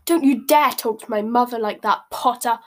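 A woman's voice: medium pitch, steady tone, moderate pace, natural voice. A woman voicing a spoiled, sneering rich teenage boy in a storybook reading. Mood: angry. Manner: sneering, scornful.

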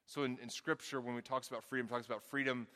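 A middle-aged male pastor with a Southern twang worn down by years in the Midwest. His voice is bright and forceful, and it rings with the long reverb of a large hall. He preaches earnestly and often repeats words as he works through a thought. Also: medium pitch, steady tone, fast talker. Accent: Southern US, softened by Midwest. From American South. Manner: earnest, repeats words while thinking aloud. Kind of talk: sermon.

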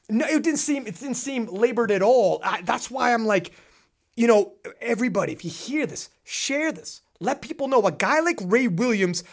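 A man co-hosting a casual podcast, talking in a rambling, animated way and laughing often. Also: very high voice, creaky. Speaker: podcast co-host.

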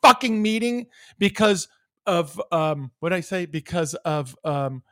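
Here a high-pitched American man speaks slowly, voicing both parties of a phone call in a heated, cursing podcast story. The co-host's casual, animated rant comes through clean studio sound without any room sound.

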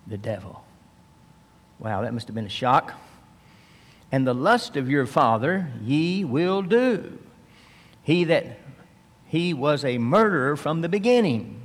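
An unhurried man teaching from scripture, reading each verse with deliberate weight before explaining it plainly. His voice sits at an ordinary pitch, lifting for emphasis and sinking soft. A long reverb trails every phrase. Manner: reads verses slowly, then explains in plain talk; rises with emphasis, drops low and soft. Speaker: preacher. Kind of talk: expository Bible teaching.

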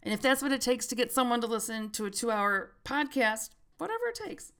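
A woman's voice: on the high side, big pitch swings, fairly quick, a bit bright, clear, resonant tone. A middle-aged woman hosting a podcast, telling stories in a chatty way and laughing often. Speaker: podcast host. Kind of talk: casual chat.

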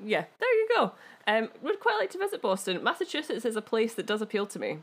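A woman's voice: a little high, wildly swooping pitch, fast talker, breathy edge. A Scottish woman co-hosting a podcast, chatting casually and telling a history story with giggly, self-deprecating asides. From Scotland. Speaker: podcast co-host.

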